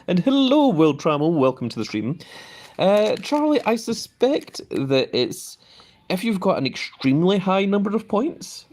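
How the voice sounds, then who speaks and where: A man hosting a live stream. He chats casually, fills his talk with hedges, and his pitch jumps up whenever he reads out viewer comments. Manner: hedging with many fillers.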